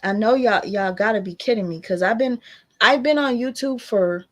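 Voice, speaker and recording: A woman's voice: mid-range voice, moderate pace, a bit bright. A woman hosting a casual livestream, chatting loosely with her viewers and her baby. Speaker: channel host.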